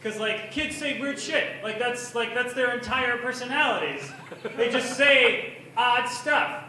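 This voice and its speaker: A young man doing open mic stand-up, crude and self-mocking, with a high, bright, sharp voice. He is heard from far off in a very echoey bar, with faint noise behind him. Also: unhurried. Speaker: stand-up comedian.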